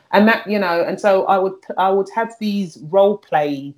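A woman's voice: mid-range voice, normal speed, hardly any pauses. A middle-aged woman, the guest, speaking frankly and in an earthy way about her own life, often repeating words as she searches for them. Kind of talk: candid personal conversation.

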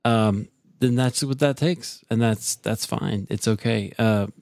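A man's voice: fairly low pitch, measured pace, vocal fry, a little mellow, no echo, studio quality. A man hosting a faith podcast in casual conversation, talking hesitantly and restarting his phrases often. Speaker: podcast host.

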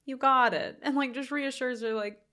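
A woman co-hosting a podcast in casual chat, emotional and expressive, laughing and crying easily. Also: sits high, normal speed. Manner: emotional, laughs and cries often; animated and expressive. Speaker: podcast co-host.

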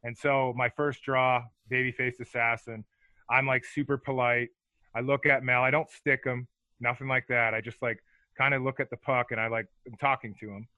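A middle-aged man, once a hockey fighter, tells long profane stories with laughter running through them. His voice is bright and forceful. The recording is dry and slightly dull. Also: medium pitch, little pitch movement, normal speed, no echo. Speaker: podcast guest, former hockey fighter. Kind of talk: casual storytelling interview.

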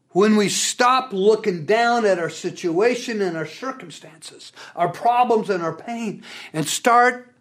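Animated preacher delivering a sermon. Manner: animated preaching with big pitch swings and repeated words. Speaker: pastor.

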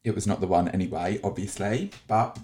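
A man co-hosting a podcast, talking frankly and quickly. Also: fairly low pitch, fairly even intonation, warm tone. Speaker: podcast co-host. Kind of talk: casual chat.

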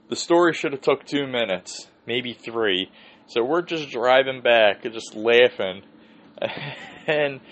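A man hosting a podcast, telling a rambling, swear-heavy story and laughing often. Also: mid-range voice. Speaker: podcast host. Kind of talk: casual storytelling. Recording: dull lo-fi sound with faint hiss.

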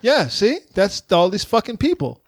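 A man with a high voice talks in a casual podcast chat, his pitch jumping around. He rants in a profane, exasperated way. The sound is dry and close, with no room echo. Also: huge pitch swings, moderate pace. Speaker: podcast co-host.

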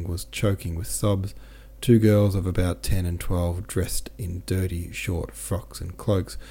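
A man narrating an audiobook in a steady, measured way. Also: low-pitched. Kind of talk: audiobook reading.

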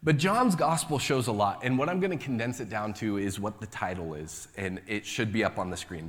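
A man's voice: on the low side, lively intonation, normal speed, in a large hall. A man preaching a sermon as pastor, conversational and joking in his asides.

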